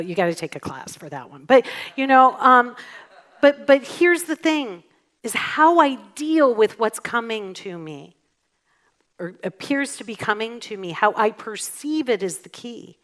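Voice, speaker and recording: A woman's voice: fairly high pitch, expressive, measured pace, fairly bright tone. Playful woman minister preaching. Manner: conversational, playful, asks the congregation questions. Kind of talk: sermon. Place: church sanctuary.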